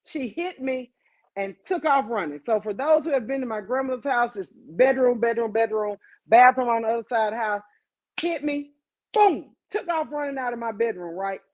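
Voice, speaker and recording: A woman hosting a podcast, telling a story in a casual, animated way, swearing freely and talking straight to her listeners. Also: on the high side, normal speed, rough recording. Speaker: podcast host.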